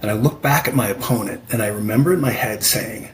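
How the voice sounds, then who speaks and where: A man's voice: lowish voice, fast, a little hiss or hum, low-quality recording. A man in his fifties, a podcast guest and amateur fighter, telling stories in a passionate, emphatic way and often tagging "right?". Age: 50s. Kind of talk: conversational storytelling.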